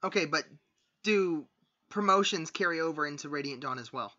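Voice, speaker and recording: A man in a casual podcast chat about video games, asking quick questions and pitching ideas. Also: pushed and bright. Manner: inquisitive, quick questions and suggestions. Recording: dull lo-fi mic.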